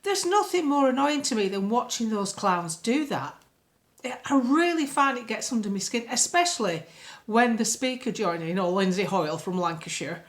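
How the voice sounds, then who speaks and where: A woman's voice: fairly high pitch, expressive, normal speed. A woman talking casually to camera as a political commentator. She is blunt and sarcastic, and often sounds annoyed. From United Kingdom.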